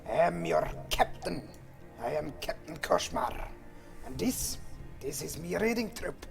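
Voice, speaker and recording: A man voicing a blustering male pirate captain who greets his crew at the start of a game playthrough, with a raspy, gravelly voice. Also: a little high, expressive, measured pace, faint music behind, voice pushed up, exaggerated voice. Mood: swaggering. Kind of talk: let's play pirate intro.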